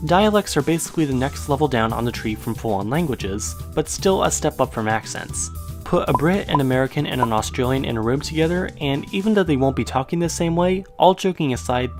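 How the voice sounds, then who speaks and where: Chatty man narrating an explainer. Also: medium pitch. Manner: chatty, upbeat with casual asides. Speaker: educational YouTuber.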